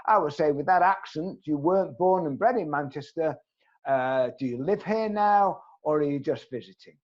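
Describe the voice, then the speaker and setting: A man with a fairly high voice runs an online networking training session over a video call, and the recording sounds muffled. He speaks earnestly and emphatically, putting questions directly to his audience.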